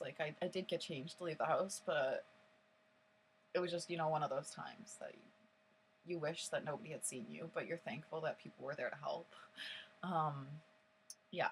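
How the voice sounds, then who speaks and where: A woman's voice: low voice, breathy edge. A young woman telling a story vlog-style, rambling with lots of "like" fillers and getting emotional as she recounts. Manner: emotional and animated while recounting. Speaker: vlogger.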